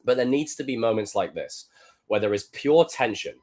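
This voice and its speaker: A young male streamer talks through film clips in a loose, profane live-stream style. His pitch leaps up and down in bursts, with a mid-range voice and sudden loud exclamations. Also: moderate pace, background noise. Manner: animated, profane, loud outbursts.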